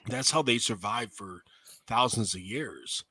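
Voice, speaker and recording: Bright-voiced sarcastic man chatting. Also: on the low side, a little slow, husky, dry recording. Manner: crude, sarcastic asides. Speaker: co-host. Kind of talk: casual livestream chat.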